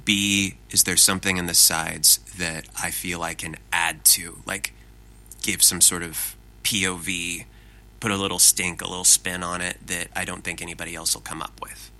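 Bright-voiced male voice actor. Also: sits low, normal speed, rough recording. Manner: chatty, self-deprecating, animated storyteller. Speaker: interview guest. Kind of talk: casual interview talk.

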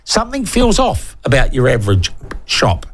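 A New Zealand man hosting talk radio in a middle-pitched voice. He talks bluntly and with open sarcasm, swears without hesitating, and reads listener messages aloud between his own remarks. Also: huge pitch swings, normal speed, a little hiss or hum. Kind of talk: opinionated talk radio monologue.

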